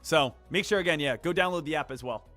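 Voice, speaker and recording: A man chats loosely through a live day trading stream, wandering through fillers and asides. His voice sits a little high and comes across bright and forceful. Faint music plays underneath. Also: fast. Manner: rambling, animated, many fillers. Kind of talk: casual live-stream chat.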